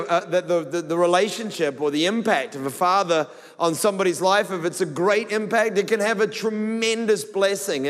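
A New Zealand man preaching from the stage, his voice sitting high for a man. He talks in a loose, joking, story-driven way. The sound rings with the long tail of a big hall. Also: fairly bright tone. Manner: conversational, humorous storytelling. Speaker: pastor. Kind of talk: sermon.

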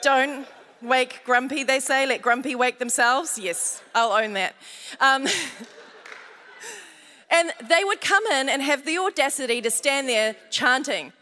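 A woman's voice: high voice, measured pace, bright, forceful tone. A woman pastor with an Australian accent preaches a sermon, mixing scripture with funny stories from family life and calling out to the congregation. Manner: humorous storytelling with audience call-outs. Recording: long hall reverb.

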